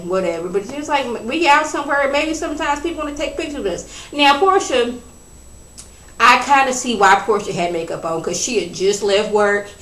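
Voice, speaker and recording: A woman giving a casual, sassy recap of a reality show, chatting in a lively storytelling way. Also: medium pitch, echoey room, low-quality recording.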